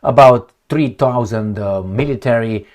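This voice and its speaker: A man's voice: medium pitch, unhurried, darkish tone. A middle-aged man from Romania, giving blunt, sardonic, unscripted commentary on news headlines. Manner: blunt and sardonic, storytelling asides. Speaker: political commentator.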